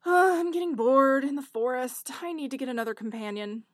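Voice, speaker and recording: A woman's voice: high-pitched, fairly quick, no echo, clean studio sound, lightly acted. A woman voicing a scheming, bossy male fiddler in a storybook reading, in a commanding, mocking tone.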